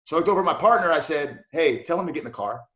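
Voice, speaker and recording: Fast-talking man telling stories, echoey room. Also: a little high. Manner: animated storyteller acting out dialogue. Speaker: police officer and jiu-jitsu black belt guest. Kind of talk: casual interview storytelling.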